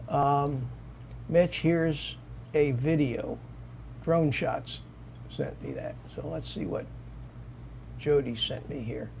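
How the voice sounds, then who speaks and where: A man's voice: a little high, takes it slowly, gravelly, long pauses, darkish tone, slight background noise. Older man hosting, rambling talk. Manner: rambling, restarts often. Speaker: livestream host. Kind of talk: casual panel chat.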